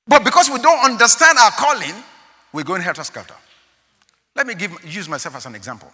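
A man preaching a sermon as a pastor, animated and exclaiming as he tells stories, often laughing. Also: high voice, brisk. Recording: long hall reverb.

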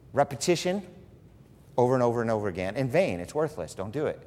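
A man preaching a sermon as a pastor, telling stories with humor and lively emphasis. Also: medium pitch, big-room sound. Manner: animated, humorous storytelling preacher.

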